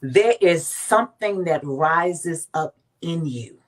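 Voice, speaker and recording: A woman's voice: on the low side, takes it slowly. A woman from Washington, D.C., a guest on a faith talk show, speaking emphatically and acting out quotes. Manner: emphatic, animated storytelling with acted quotes.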